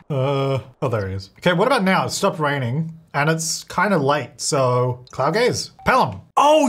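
A man's voice: fairly high pitch, fairly bright tone, a little hiss or hum. A young man giving casual commentary while playing a life-sim game, chatty and reacting aloud with frequent laughs.

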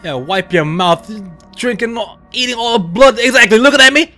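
High, bright-voiced excitable male gamer. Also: moderate pace, faint music behind. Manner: loud exclamations and swearing, laughs often; addresses viewers as psychos. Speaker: let's play gamer. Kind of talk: excitable gameplay commentary.

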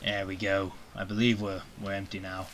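A man's voice: low-pitched, monotone, moderate pace, a bit bright, slight background noise. A man streaming a game live, commenting in playful mock-pirate talk. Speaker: gaming streamer.

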